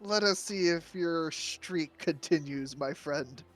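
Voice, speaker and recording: A man's voice: a little high, takes it slowly, a bit bright. A man voicing a boastful male arm-wrestling rival in a tabletop game, hearty and teasing.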